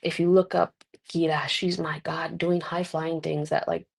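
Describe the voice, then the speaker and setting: A woman's voice: deep voice, normal speed, creaky. A young woman wrestler in a casual interview, telling stories with quoted voices and frequent laughter. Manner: laughs often, animated storytelling with voiced quotes. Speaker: guest wrestler. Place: Mexico.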